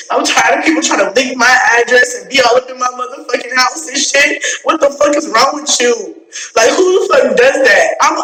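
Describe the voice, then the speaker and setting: A woman's voice: high-pitched, sharp tone. A woman YouTuber venting in an angry, profane rant, repeating herself and sounding completely fed up. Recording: roomy echo.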